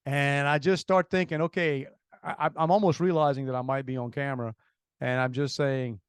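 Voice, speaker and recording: A man with a Cajun accent tells a long story on a podcast in a fairly high voice. He talks in an animated, rambling way, full of restarts. The sound is close and dry. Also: brisk, smooth, no room sound. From Louisiana. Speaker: podcast co-host. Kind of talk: casual storytelling.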